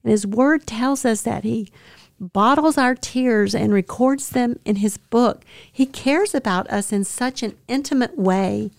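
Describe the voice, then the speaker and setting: A woman hosting a devotional podcast, reflecting earnestly and tenderly on scripture, with soft laughs now and then. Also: a little high, unhurried, gravelly, no room sound, studio quality. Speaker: podcast host.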